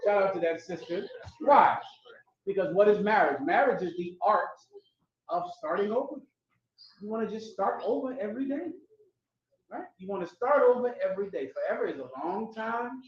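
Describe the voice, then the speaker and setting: High-voiced guy preaching hard, swings all over, echoey muffled room. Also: expressive, moderate pace. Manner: loud, emphatic, street-talking preacher. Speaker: host teaching a class. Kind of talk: preachy live-stream commentary.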